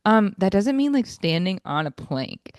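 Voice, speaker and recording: A woman's voice: mid-range voice, big pitch swings, normal speed, no echo. A woman co-hosting a casual podcast chat, mocking people with playful impressions and lots of likes. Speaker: podcast co-host.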